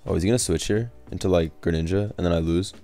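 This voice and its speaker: A man's voice: low-pitched, fast, warm tone. A young man casually commentating his own competitive game, laid-back, swearing and laughing as he trash-talks. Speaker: gaming streamer. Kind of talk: casual live commentary over gameplay. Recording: faint background music.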